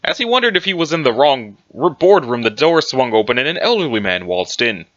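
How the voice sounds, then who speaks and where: Lively, chatty man reading a story. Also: medium pitch, brisk, few pauses. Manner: chatty asides, self-corrections. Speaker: story reader. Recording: muffled recording with background music.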